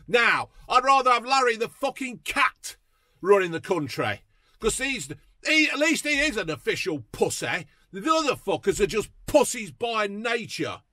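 Man, high voice, bright tone, angry swearing rant, dry sound. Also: dry recording. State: fuming. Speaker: political vlogger. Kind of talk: profane ranting commentary.

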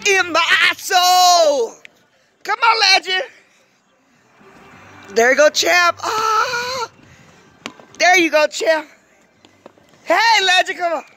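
A woman's voice: very high voice, lively intonation, takes it slowly, pauses often, pushed and bright, slight background noise. An older woman, a grandmother, cheering on and teasing children during a casual game, playful and encouraging. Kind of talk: casual family play.

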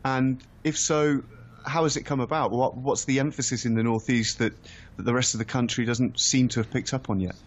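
A man's voice: mid-range voice, fairly even intonation, a little fast. A man co-hosting a radio football phone-in, thinking aloud with many restarts as he gives opinions and asks questions. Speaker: football commentator and co-host. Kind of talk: casual studio chat. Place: radio studio. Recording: slightly dull radio archive sound.

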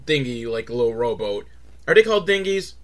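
A man hosting a comedic movie recap, rambling and sarcastic, acting out characters in squeaky voices. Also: big pitch swings, fairly quick.

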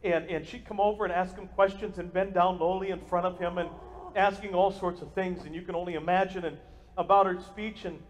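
A man preaching a sermon as pastor to a live congregation, energetic and joking, and speaking straight to the people in front of him. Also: high voice, brisk, long reverb tail, slight background noise. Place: church sanctuary with a live congregation.

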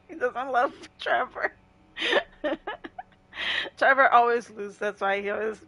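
Her fairly high, sharp-toned voice is extremely slow, with long pauses. While streaming gameplay, she chats casually with her audience, laughs frequently and calls out people in chat by name.

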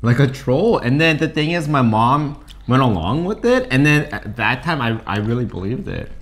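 A man's voice: mid-range voice, normal speed, slight background noise. A young man co-hosting a mukbang, chatting casually and teasing himself playfully while eating. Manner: animated, playful and self-teasing. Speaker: co-host of a mukbang channel.

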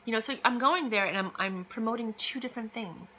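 A woman's voice: a little high, a little fast, bright, forceful tone, slight background noise. A woman talking casually and emphatically, giving career advice with lots of fillers and quoted asides. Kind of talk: casual motivational monologue.

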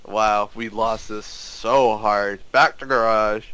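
A man joining casual gameplay commentary with a friend, joking and teasing with a drawn-out delivery. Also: on the low side, steady tone, sharp tone, smooth, poor audio. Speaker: gaming co-host.

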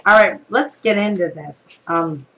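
A woman's voice: on the low side, a little slow, a bit bright, slight background noise, poor audio. A woman prophetess preaching on a live stream, reading scripture earnestly and then talking in a chatty, conversational way with asides and prayers. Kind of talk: casual devotional talk with reading and prayer.

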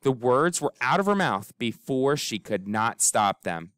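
A man narrating a storybook with a lively, swinging pitch and a smooth, resonant tone. The sound is close and dry, with no room around it. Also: measured pace, dry recording. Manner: expressive, animated reading with character voices. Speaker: audiobook narrator. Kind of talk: storybook read-aloud.

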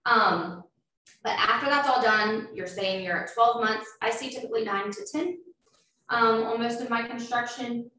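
A woman's voice: fairly high pitch, normal speed, sharp tone. Woman explaining loans, echoey room. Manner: explanatory, filler-heavy. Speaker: loan officer presenting. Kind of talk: informal presentation. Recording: echoey room, far from mic, faint noise.

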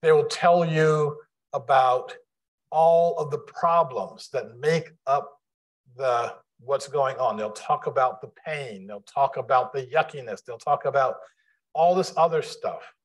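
A man giving a public lecture to a live audience in a room, speaking deliberately with frequent restarts. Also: mid-range voice, rough recording. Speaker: guest lecturer.

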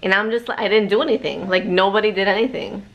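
A young adult woman, a mother who vlogs, talks at home in a fast, fairly bright, mid-range voice with fairly even intonation. She rambles casually and reflectively, saying "like" a lot, and the recording sounds muffled.

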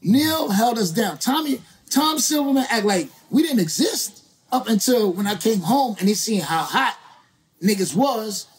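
A male rapper as a guest, telling a story in a lively, slangy, profane way and acting out other people's lines. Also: sits high, unhurried. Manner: slangy, profane, acts out quoted voices. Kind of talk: animated storytelling.

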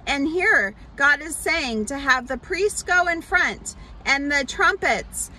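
A woman pastor telling a Bible story in a children's sermon, explaining slowly with many fillers and restarts. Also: sits high, lively intonation, sharp tone, a little hiss or hum, poor audio.

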